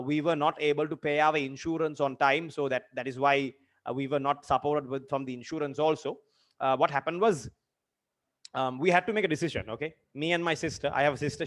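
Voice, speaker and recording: A young man in his twenties, a teacher telling a personal story in a lesson, earnest and halting with many fillers and repeated phrases. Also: a little high. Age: 20s. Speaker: literature teacher.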